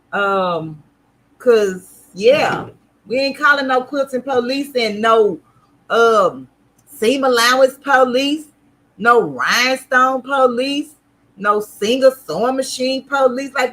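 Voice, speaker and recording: Woman, livestream sewing host, loud, extra, playful, unhurried, bright ringing voice. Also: on the high side, poor audio. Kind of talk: casual livestream chat.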